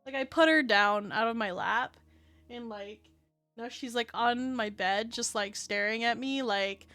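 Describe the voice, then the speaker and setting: High, bright-voiced woman streamer chatting. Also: unhurried, soft background music. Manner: rambling, chatty, many fillers and restarts. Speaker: VTuber streamer. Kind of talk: casual chat while streaming. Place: home room with her cat. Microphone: desk streaming mic.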